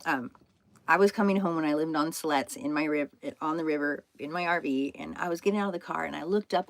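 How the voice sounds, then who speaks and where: A woman in her fifties chatting on a spiritual livestream, telling stories in an animated, laughing way and swearing now and then. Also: fairly low pitch, no echo. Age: 50s. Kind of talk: casual livestream chat. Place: indoors at home, in an RV.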